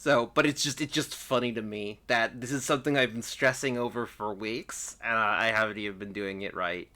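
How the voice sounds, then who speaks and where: A man's voice: on the low side, steady tone, fairly quick, bright, forceful tone. A man who does voice acting, chatting casually and laughing through a game playthrough, rambling with lots of fillers. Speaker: voice actor voicing a game playthrough. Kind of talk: casual let's-play chat.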